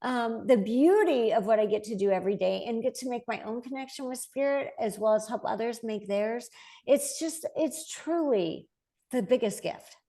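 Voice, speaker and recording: A woman in her forties, a medium appearing as an interview guest, tells stories conversationally in a fairly high voice at normal speed. She's animated, laughs lightly, and acts out the voices of the people in her stories.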